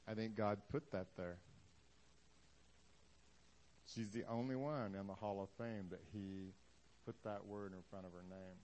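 A man's voice: fairly low pitch, steady tone, unhurried, long pauses, darkish tone. A man preaching a sermon in a casual, joking way, acting out the Bible scenes he talks about for the congregation. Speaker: pastor.

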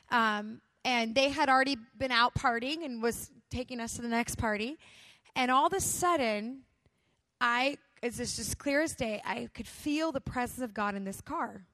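A woman's voice: a little high, pushed and bright, no room sound. A woman pastor from California preaching a sermon, telling a personal story and asking the audience questions.

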